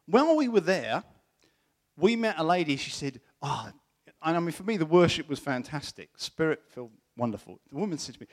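Speaking briskly in a voice on the high side, this middle-aged man is preaching. His sermon includes a lively personal anecdote where he imitates the voices of those he quotes.

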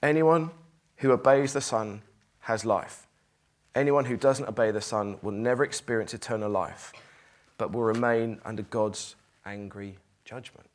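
A man's voice: lowish voice, measured pace. A middle-aged man preaching a sermon, reading scripture aloud and acting out its tone with emphasis.

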